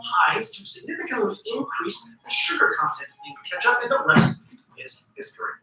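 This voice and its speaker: Brief: upbeat male explainer host, high bright voice, distant echoey playback. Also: normal speed. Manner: lively, joking, animated storytelling. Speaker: video presenter. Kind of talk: scripted explainer video. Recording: echoey video playback from afar.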